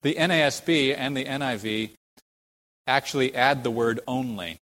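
A man's voice: medium pitch, a bit bright, in a large hall, rough recording. A man preaching an expository sermon, stressing key words emphatically and posing rhetorical questions. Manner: emphatic, rhetorical questions, slow deliberate phrasing with sudden stresses.

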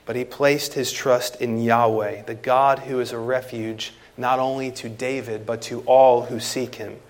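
A man preaching an expository sermon and quoting scripture, with emphatic loud stresses that drop to quiet trailing phrases. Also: medium pitch, level tone, unhurried.

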